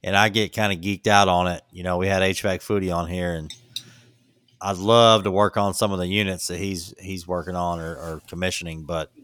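A man's voice: low voice, little pitch movement, a little fast, a bit bright. A man hosting a podcast, chatting casually and easily, often tagging his lines with "man.". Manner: easygoing, asks questions, says "man" often. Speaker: podcast host.

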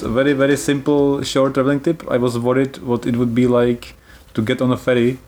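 A man's voice: medium pitch, flat delivery, fairly quick, few pauses, darkish tone, faint music behind. A man hosting a casual travel podcast, explaining things in a chatty way and laughing easily. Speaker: podcast host.

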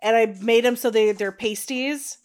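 A woman's voice: a little high, fairly even intonation, normal speed, clear, resonant tone. A woman co-hosting a podcast, joining in with giggly, bawdy banter in casual chat. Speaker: podcast co-host.

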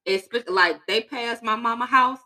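A woman's voice: fairly high pitch, a little slow, sharp tone. A woman in casual chat, telling blunt, profane stories about her neighborhood.

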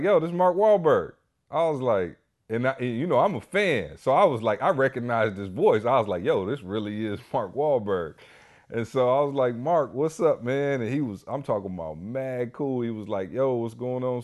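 A man co-hosting a podcast, telling a story in a casual, animated way full of "you know" and "like". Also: mid-range voice. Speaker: podcast co-host.

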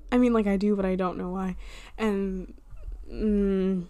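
A young woman talks alone into her microphone in a loose, rambling podcast monologue. She fills her sentences with "like," laughs at herself often and drifts between advice and self-teasing. Her pitch sits in an ordinary middle range. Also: a little mellow. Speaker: podcast host. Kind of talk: casual solo podcast monologue. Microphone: handheld or desk microphone she bumps.

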